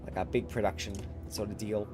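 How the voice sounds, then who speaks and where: Wry gaming streamer. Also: male voice, on the low side, fairly even intonation, a little fast, over music. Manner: chatty, wry, laughs often. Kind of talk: casual let's-play commentary.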